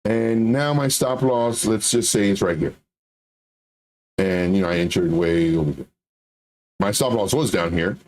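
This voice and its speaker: A middle-aged man hosting a trading show, talking casually and repeating himself, with lively acted-out quotes. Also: fairly low pitch, unhurried, pauses often. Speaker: trading channel host. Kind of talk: casual live market talk.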